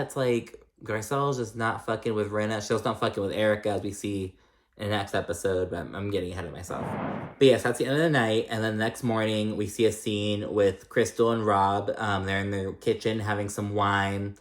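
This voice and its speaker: A man's voice: on the low side, fairly even intonation, fairly quick. A young man casually recapping a reality show, chatty and rambling, swearing freely and acting out what others said. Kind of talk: casual chat.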